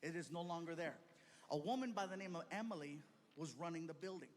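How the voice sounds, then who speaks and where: Animated male stand-up storyteller. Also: a little high, quick pace, in a large hall, crowd noise. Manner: animated, acts out every character. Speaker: stand-up comedian. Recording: stand-up recording with clear background noise.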